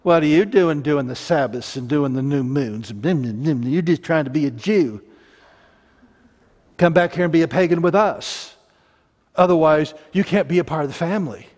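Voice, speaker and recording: Mocking pagan relatives pressuring a convert to come back, as a preacher acts them out. The voice drops lower than his usual one and has a jeering edge. It echoes with a long reverb. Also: moderate pace, darkish tone, natural voice. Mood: scolding. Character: scolding pagan family members.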